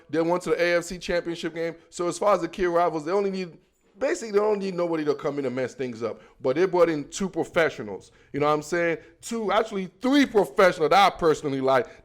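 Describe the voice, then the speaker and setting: A young man with an African accent hosting a football podcast, riffing in slangy, animated casual talk and stretching words out for emphasis. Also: fairly high pitch. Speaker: podcast host.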